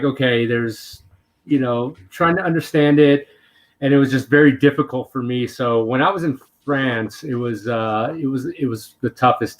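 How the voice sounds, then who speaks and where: A man speaking as a livestream guest, hesitating often and restarting his sentences. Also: mid-range voice. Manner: hesitant, many fillers and restarts. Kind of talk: casual livestream chat.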